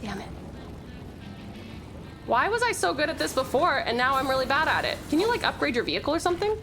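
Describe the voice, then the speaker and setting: Young woman gaming on stream, squeaky and all over the place, laughs a lot, cusses when she crashes, game music faint behind. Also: quick pace. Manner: excitable, giggly, swears when losing. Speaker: VTuber streamer. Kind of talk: casual gaming stream commentary.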